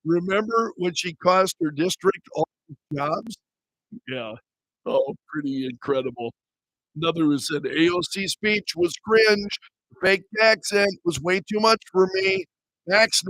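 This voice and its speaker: A man's voice: high-pitched, unhurried, a bit bright, dry recording, rough recording. A man hosting a talk radio show, reading items aloud and mocking them with a sarcastic tone and frequent laughter. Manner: sarcastic, laughs often, mocks what he reads. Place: radio studio. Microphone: studio microphone.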